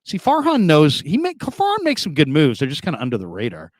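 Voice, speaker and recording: A man's voice: a little high, huge pitch swings, brisk, dry recording. A man hosting sports talk radio, reading listener comments in a loose, rambling way with plenty of laughs and repeated phrases.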